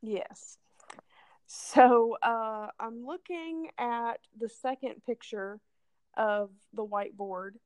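A woman's voice: on the high side, slow, no room sound. A woman co-hosting a casual chat podcast, reading old quotes aloud in a wry, amused way. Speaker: podcast co-host.

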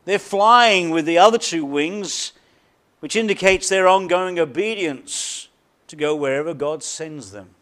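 On the high side, this man's voice carries a pastor's sermon preached with emphasis. He leans on deliberate repetition and dramatic drops to near-quiet.

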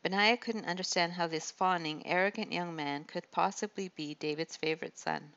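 A woman narrating an audiobook in an even, measured storytelling manner. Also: lowish voice, muffled recording. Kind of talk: scripted narration of a historical novel.

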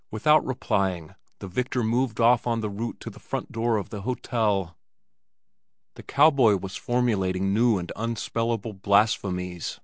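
A man narrating a classic story in a measured, dramatic reading. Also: fairly low pitch, no room sound, clean studio sound.

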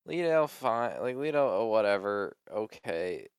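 Young male co-host, low voice, dry close sound, loose and sweary in casual chat. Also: very animated, moderate pace, clean tone, no echo. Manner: loose, swears often, trailing filler words. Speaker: podcast co-host.

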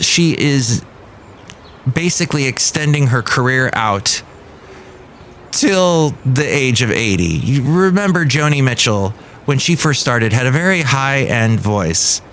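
A man hosting a casual solo podcast, commenting on music news in a rambling, opinionated way and reading quotes with lively swings. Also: mid-range voice, slight background noise. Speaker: podcast host.

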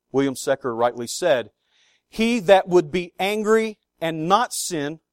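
A man preaching a sermon to his congregation, earnest, with slow emphatic stresses on key words. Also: high-pitched, smooth, no room sound, clean studio sound. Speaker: pastor.

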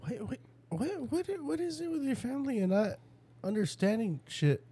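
Man, co-host sidekick, high and husky, teasing quips. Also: sing-song, moderate pace, dark tone. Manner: joking interjections, mocking. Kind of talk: casual chat.

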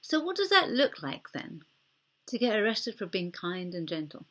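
A woman delivers a sermon with a breathy, slightly husky voice at an ordinary middle pitch. She talks earnestly and gently, and often sinks into a hushed near-whisper to press a point home. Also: big pitch swings, normal speed. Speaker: preacher.

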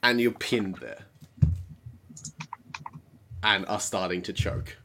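A game master narrating a tabletop game in a slow, measured way with dramatic pauses. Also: deep voice, pushed and bright, slight background noise.

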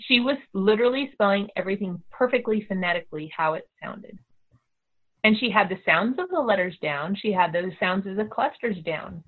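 A middle-aged homeschooling mother telling a story in a casual, animated way, acting out the voices of the people she quotes. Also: mid-range voice, fairly quick. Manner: animated, acts out quoted dialogue. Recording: tinny phone-like audio.

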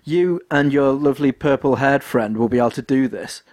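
A man's voice: medium pitch, fairly quick, a little mellow, no echo. A man co-hosting a podcast in casual chat, jokey and teasing. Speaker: podcast co-host.

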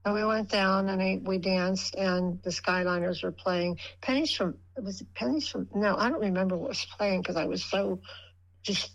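A woman's voice: medium pitch, moderate pace, dull audio. Older woman telling a rambling story. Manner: rambling, acts out quoted dialogue in her story. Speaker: radio guest. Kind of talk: casual storytelling.

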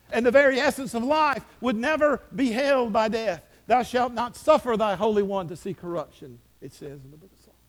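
High-voiced fervent preacher. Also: male voice. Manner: fervent preaching, rising and dropping in pitch and volume. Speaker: pastor. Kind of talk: sermon.

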